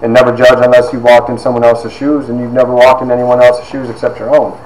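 A man's voice: medium pitch, level tone, quick pace, darkish tone. A man giving a personal testimony as a storyteller, acting out the voices of people he quotes. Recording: echoey room with faint noise.

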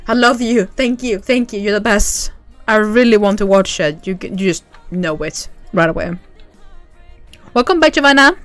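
A woman's voice: medium pitch, a bit bright, no room sound. A young woman chatting casually with viewers while streaming a game, bubbly and giggly. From Sweden. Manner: bubbly, giggly, reads chat aloud. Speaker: livestream gamer. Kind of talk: casual livestream chat with viewers.

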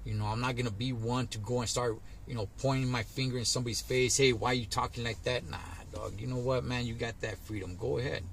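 A man's voice: medium pitch, steady tone, quick pace, vocal fry, hardly any pauses, a little hiss or hum. A middle-aged man, vlogging casually about his views, peppering his talk with "man," "dog" and "homie.". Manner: laid-back street slang, frequent "man" and "dog". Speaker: trucker vlogger. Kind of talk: casual monologue to camera.

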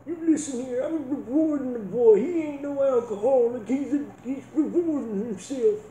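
A man playing a gruff, hard-drinking rural father in a comedy sketch, talking in a blustery, folksy drawl. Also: very high-pitched, normal speed, warm tone, slight background noise, voice pushed up. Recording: roomy echo.

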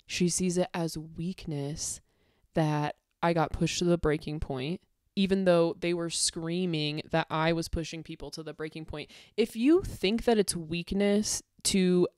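Angry swearing woman, low dry voice. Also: unhurried, a little mellow, no room sound. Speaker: content creator. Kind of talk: ranting monologue to camera.

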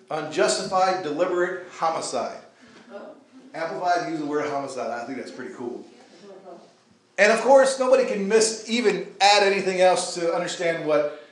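A man's voice: high-pitched, roomy sound. A man preaching a sermon in a conversational way, with asides to the congregation. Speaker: pastor. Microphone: handheld or stand mic.

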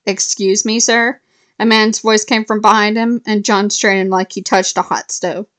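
A woman reads a novel aloud in a relaxed, unrehearsed way, stumbling and correcting herself here and there. Her voice sits at a middle pitch, and she lifts it a little when she reads the characters' lines. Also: normal speed. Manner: unpolished reading with restarts and self-corrections. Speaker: reader of a novel. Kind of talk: casual read-aloud storytelling.

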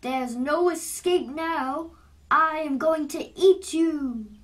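A woman voicing a huge, greedy green troll who booms out loud threats, heard from a distant mic. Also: slow. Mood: menacing.

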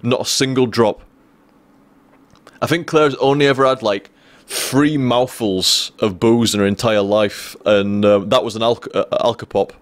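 Young male streamer, casual rambling storyteller, mid-pitched voice, dry close sound. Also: fairly even intonation, a little slow, dry recording. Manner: rambling, profane, restarts often.

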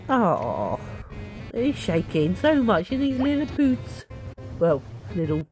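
Excitable woman playing a game. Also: medium pitch, slow pace, soft background music. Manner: excitable, talks to viewers, squeals and laughs. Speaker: game streamer. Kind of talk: casual let's-play commentary.

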